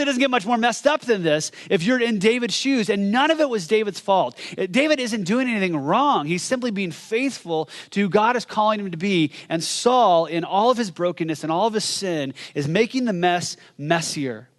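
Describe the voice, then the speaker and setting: A man preaching a sermon as pastor, retelling a story with animated energy, restarting phrases and dropping low and quiet for solemn moments. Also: moderate pace, hardly any pauses.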